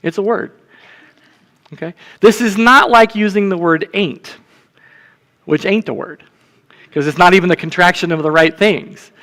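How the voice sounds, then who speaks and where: Deacon giving a casual sermon, slightly high male voice, keeps checking in with the room, reverberant church sound. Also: moderate pace, pauses often, a bit bright. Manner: conversational, checks in with the congregation. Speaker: deacon preaching. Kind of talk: sermon teaching. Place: church sanctuary.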